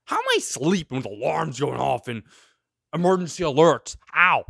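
A man's voice: fairly high pitch, expressive, normal speed, gravelly, a bit bright, breathy edge, no room sound, clean studio sound. A man hosting his own show, ranting sarcastically through current events with one rhetorical question after another. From of Greek heritage. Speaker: show host. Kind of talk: ranting solo commentary.

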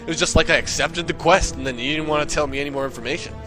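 A man telling a comic story in an excitable, profane, ranting way. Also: a little high, rapid-fire, music in the background. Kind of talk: comedic monologue.

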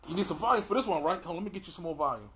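Lively playful man hosting a reaction. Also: a little high, very fast. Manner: playful, laughing, slangy. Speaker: music reaction host. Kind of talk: casual reaction chat.

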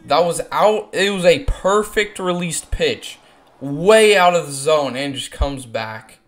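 A man giving live commentary on his own baseball video game, cheering, cursing and yelling at the plays. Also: a little high, expressive, takes it slowly.

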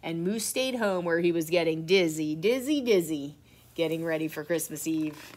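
A middle-aged woman, a teacher reading a picture book aloud to children, expressive and full of surprise. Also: deep voice, normal speed. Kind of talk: children's read-aloud storytime.

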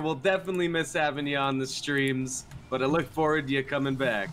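A man's voice: mid-range voice, steady tone, brisk, few pauses, a bit bright, slight background noise. A man co-hosting a game stream, upbeat and greeting viewers by name. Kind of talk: casual game stream chat.

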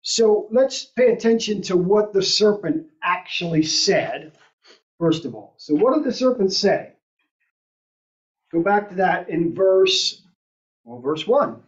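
On the low side and animated, a woman speaks at a slow pace as she teaches an adult Sunday school class in a church classroom. She asks questions and thinks aloud, and the sound is roomy, distant and dull.

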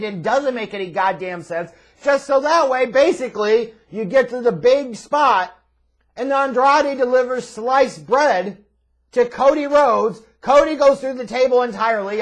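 Male wrestling reviewer, very high voice, sarcastic and foul-mouthed rant. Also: a bit bright. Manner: profane, sarcastic, exasperated. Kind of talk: ranting video review.

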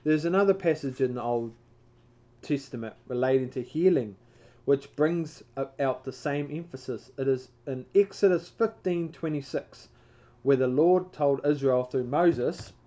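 Mellow-voiced man reading scripture slowly. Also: mid-range voice. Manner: measured reading with occasional stumbles and self-corrections. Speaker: Bible study leader. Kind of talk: reading a devotional book aloud with brief comments.

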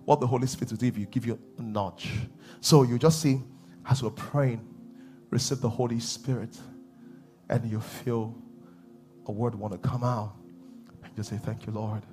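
A man preaching a sermon as pastor, animated, laughing and acting out voices. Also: mid-range voice, moderate pace, long pauses, faint music behind. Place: church hall.

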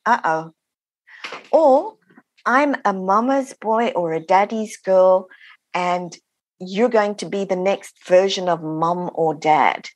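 A woman's voice: mid-range voice, takes it slowly, no echo. A woman author being interviewed, explaining her ideas and acting out the voices of people she quotes. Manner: animated, acts out quoted voices. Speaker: author and guest. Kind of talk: interview answers, teaching.

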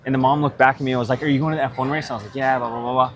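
A man's voice: medium pitch, fairly even intonation, very fast, fairly bright tone. A young man chatting casually in a pub on a live stream, joking and swearing a lot. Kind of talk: casual chat. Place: Irish pub.

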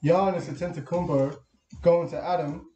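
A man's voice: on the high side, fairly even intonation, moderate pace, warm tone, distant mic, dull audio, soft background music. Australian man calling cards in an echoey room. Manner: laughs often, reads names off. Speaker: card break co-host.

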